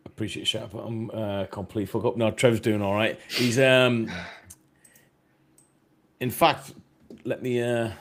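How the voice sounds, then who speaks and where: Hosting a casual live podcast stream, a British man reads chat messages in a halting, relaxed manner full of filler words. His voice is on the low side and flat, and he speaks unhurriedly with long pauses.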